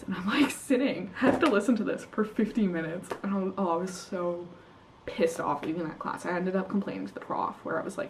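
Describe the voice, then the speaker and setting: Young female vlogger from Canada, casual, filler-heavy storyteller, mid-pitched voice, recorded slightly off-mic. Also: fairly quick, darkish tone, recorded from a distance, a little hiss or hum, low-quality recording. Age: young adult. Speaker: international student vlogger. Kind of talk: casual chat.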